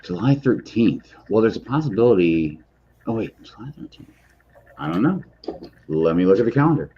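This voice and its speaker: Host type, man, very low voice, animated and loud when excited, slightly dull lo-fi audio. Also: moderate pace, a little hiss or hum. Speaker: streamer host. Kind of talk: casual chat on a livestream.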